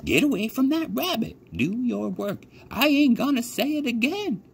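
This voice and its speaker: Bossy old farm woman, high and lively, gruff rural dialect; male storyteller voicing her. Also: moderate pace, exaggerated voice. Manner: barking rural dialect, clipped orders.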